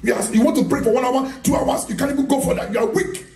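A man's voice: very high-pitched, fast talker, gravelly, darkish tone, faint music behind. Emphatic male preacher in an echoey hall. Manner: emphatic, repeats phrases, rhetorical questions to the audience; laughs often while preaching. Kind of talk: charismatic sermon. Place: church hall. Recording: echoey hall, mic from a distance.

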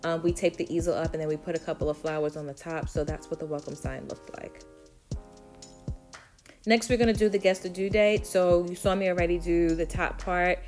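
Low-voiced woman with a Brooklyn accent. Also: steady tone, brisk, darkish tone, soft background music. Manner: chatty, step-by-step, frequent ums. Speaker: DIY vlogger. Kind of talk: casual tutorial voice-over.

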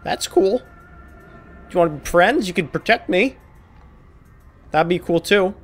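With a high, animated voice and a slightly slow pace, a man hosts a horror game playthrough over soft background music. As a gaming video host, he ribs the characters with profanity and playful mock apologies.

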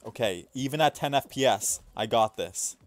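He's a young streamer narrating his gameplay casually, full of chatter and self-mockery, laughing at his own antics and shifting from quiet mumbles to loud exclamations. The voice is mid-range with lively intonation and a moderate pace.

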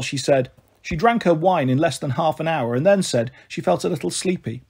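A man reads a children's novel aloud in a steady, gentle delivery. His voice sits a little high and has a husky edge. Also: moderate pace. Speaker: storyteller.

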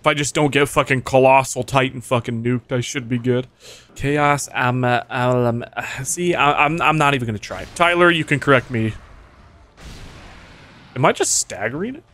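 A man's voice: mid-range voice, moderate pace. Young male streamer, casual gameplay chatter, heavy swearing, sudden panicked yelps. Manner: excitable, swears often, jumps to yelps when hit. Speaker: gaming streamer.

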